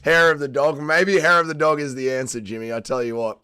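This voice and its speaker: A man's voice: fairly high pitch, steady tone, a little fast, bright, forceful tone, clear, resonant tone, no echo. An Australian man hosting a casual livestream, chatting and swearing with his viewers while still drunk and tired after a late night. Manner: swearing, laid-back banter with chat. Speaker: livestream host.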